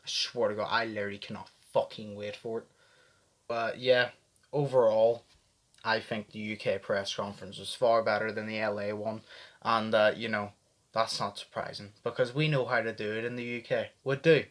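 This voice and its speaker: A young man from the UK giving a casual, excitable reaction commentary full of swearing. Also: on the low side, moderate pace. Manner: animated, heavy swearing, fired up. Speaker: vlogger reacting to press conferences.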